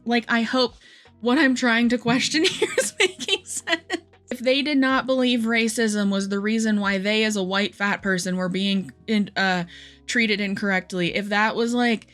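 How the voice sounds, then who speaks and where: A woman's voice: mid-range voice, a bit bright. Heated young woman commentator. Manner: heated, frustrated ranting. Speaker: commentary creator. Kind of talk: reaction commentary.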